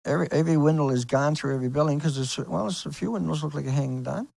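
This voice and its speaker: A man's voice: fairly high pitch, very fast, creaky, darkish tone, no echo. A man hosting his own video, talking casually and insistently over pictures on screen, asking rhetorical questions as he rambles. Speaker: video host.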